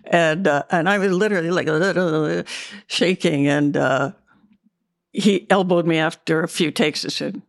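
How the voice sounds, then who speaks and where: A woman's voice: low voice, measured pace, dry recording, clean studio sound. A woman, an actress and author, recounting memories as an interview guest, hesitant and candid with many fillers and restarts.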